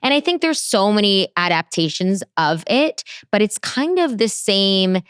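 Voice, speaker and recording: A woman co-hosting a podcast who reflects and thinks aloud in a relaxed chat. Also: mid-range voice, unhurried, clean tone, no echo, clean studio sound. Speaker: podcast co-host. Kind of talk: casual podcast conversation.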